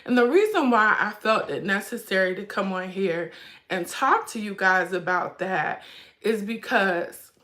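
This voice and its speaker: Bright-voiced middle-aged woman fighting tears. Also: mid-range voice, lively intonation, unhurried. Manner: fighting back tears, chatty and direct with viewers. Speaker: livestream host and mother. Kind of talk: emotional casual livestream chat.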